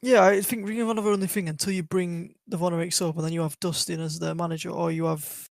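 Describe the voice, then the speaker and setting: A man co-hosting a podcast in casual chat, eager to chime in, his voice hoarse. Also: a little high, flat delivery, quick pace, no echo. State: hoarse, hungover. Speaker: podcast co-host.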